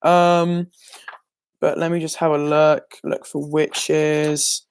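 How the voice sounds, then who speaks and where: A teenage boy revising for an exam speaks slowly on a casual livestream, his voice on the high side, level and clean. He wanders hesitantly through the material, with plenty of ums and self-corrections.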